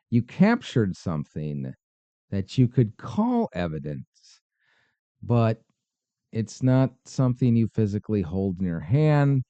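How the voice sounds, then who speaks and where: A podcast host with a lowish, dark-toned voice reacts to paranormal videos, offering skeptical commentary full of dry, sarcastic asides. The audio is dull, with no echo.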